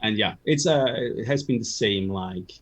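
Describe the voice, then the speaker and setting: A man's voice: on the low side, normal speed, a little hiss or hum. A man from Switzerland, a guest in a casual chat, talking hesitantly with many fillers and searching for his words.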